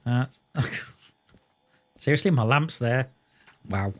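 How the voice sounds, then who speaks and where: While live-streaming a train simulator, a man with a mid-range voice talks slowly and animatedly. His casual chatter rambles and jokes, aimed at his viewers in chat as well as at himself.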